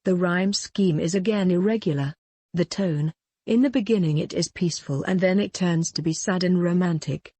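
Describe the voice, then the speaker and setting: Low, husky-voiced woman teaching poetry. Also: warm tone, no echo. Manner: slow, deliberate scansion of verse. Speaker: literature teacher. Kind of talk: poetry lesson.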